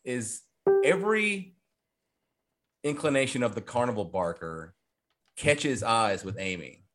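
Man, casual movie chat, lively swooping pitch, animated and laughing. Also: normal speed, soft background music. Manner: animated, laughs often, puts on quoted voices. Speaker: podcast co-host.

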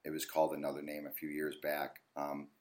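Very deep-voiced New man, animated. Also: a little fast. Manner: animated storyteller, acts out yelling at the TV. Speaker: ghost hunter guest. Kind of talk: casual interview chat.

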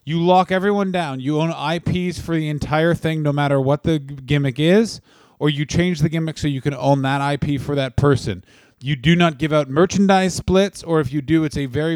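A man with a voice a little higher than most men's, telling sarcastic stories in a loose podcast chat. He swears freely, and the sound is dry and close to the mic. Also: a little mellow, no room sound. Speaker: podcast co-host. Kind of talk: casual comedic chat.

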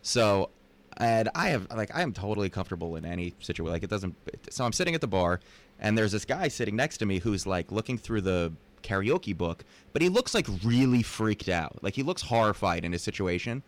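A man's voice: on the low side, fairly quick. A man, a stand-up comedian guest, telling a story in a podcast studio and acting out the quotes. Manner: animated, acts out quotes. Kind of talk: casual storytelling. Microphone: studio mic.

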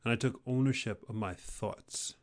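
A man giving an intense motivational talk, repeating phrases for emphasis and swinging between loud urging and quiet, low intensity. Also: normal speed. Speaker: career motivational speaker.

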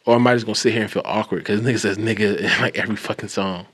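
A man hosting a casual podcast chat, telling long stories with restarts, swearing and animated asides. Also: fairly low pitch, rapid-fire, husky.

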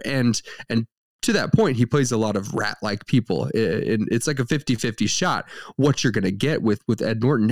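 Young male podcast co-host, playful, very expressive pitch, dry close mic. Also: no echo. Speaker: podcast co-host, film reviewer. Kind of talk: casual film review chat.

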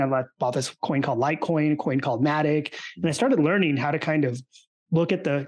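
A man's voice: fairly high pitch, darkish tone. A man, likely in his thirties, talking earnestly as a podcast guest, telling stories with animation. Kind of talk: casual interview talk.

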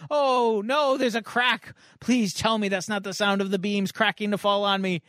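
A man voicing a panicked teenage boy trapped in a burning house, pleading in a high, strained voice. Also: fairly even intonation, moderate pace, a bit bright, no room sound, studio quality. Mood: desperate.

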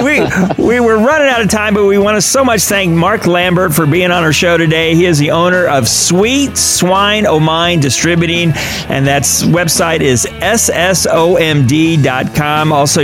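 Upbeat radio co-host, music behind. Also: male voice, on the high side. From Kansas. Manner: jokey, upbeat, reads plugs. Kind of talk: casual radio chat.

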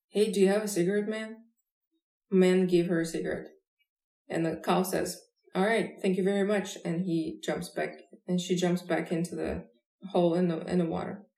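A woman's voice: fairly low pitch, gravelly, dark tone, echoey room, low-quality recording. A woman telling jokes in a casual chat, often laughing through her own punchlines. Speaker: podcast co-host telling jokes.

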